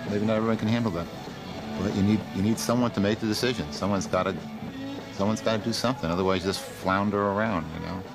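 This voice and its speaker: A man's voice: on the low side, fairly even intonation, quick pace, over music. A man in a documentary interview speaking in a matter-of-fact, firm manner.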